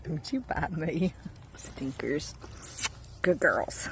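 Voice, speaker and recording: A woman's voice: sits low, very slow, slight background noise. A woman with a Southern Alabama accent, talking casually and in a sing-song voice to her animals outdoors on a small farm. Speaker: homestead vlogger.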